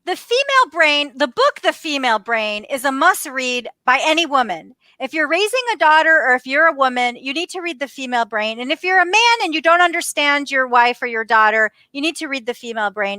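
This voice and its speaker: A woman in her fifties, a leadership coach talking as a podcast guest in an energetic, emphatic way and often calling out to her listeners directly. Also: sits high, a little fast, hardly any pauses, no room sound. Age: 50s. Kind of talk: casual interview conversation.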